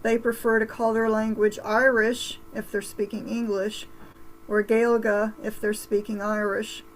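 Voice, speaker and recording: Gravelly woman on a video call. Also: medium pitch, level tone, a little slow, slight background noise, low-quality recording. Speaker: course instructor. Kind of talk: class preview talk.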